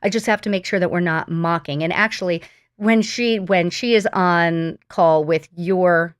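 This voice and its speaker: Low-voiced woman chatting, dry sound. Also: a little slow, no room sound. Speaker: podcast co-host. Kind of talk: casual chat.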